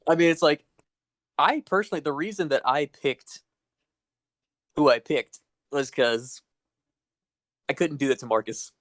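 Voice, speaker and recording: A man's voice: on the high side, unhurried, pauses often, fairly bright tone, no echo, studio quality. A man co-hosting a podcast, casually retelling video game scenes, swearing freely and chuckling. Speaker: podcast co-host. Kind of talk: casual chat about video games.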